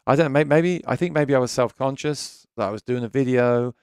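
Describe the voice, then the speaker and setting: A man's voice: medium pitch, fairly quick, darkish tone, clear, resonant tone, dry recording. A British man hosting a live gear chat stream from his home studio, chatty and rambling, often restarting his sentences. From Britain. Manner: chatty, rambling, self-correcting. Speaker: gear channel host.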